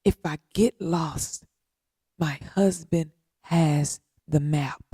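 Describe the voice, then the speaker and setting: A woman hosting a podcast, giving a heartfelt, faith-based talk, speaking earnestly with repetition and long pauses. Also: sits low, warm tone, slightly rough, dry recording, clean studio sound. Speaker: podcast host.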